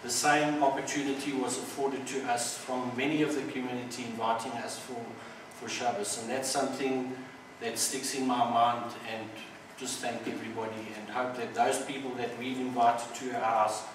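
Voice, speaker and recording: A man's voice: mid-range voice, flat delivery, moderate pace. Man speaking hesitantly in an echoey hall. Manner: hesitant, many ums and restarts. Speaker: community speaker. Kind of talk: informal speech with a joke. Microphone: distant mic. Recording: echoey hall from far off with background noise.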